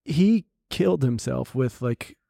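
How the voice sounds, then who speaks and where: A man co-hosting a podcast, chatting casually with halting restarts and fillers. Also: medium pitch, expressive, vocal fry, mellow, dry recording, clean studio sound. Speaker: podcast co-host. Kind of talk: casual chat.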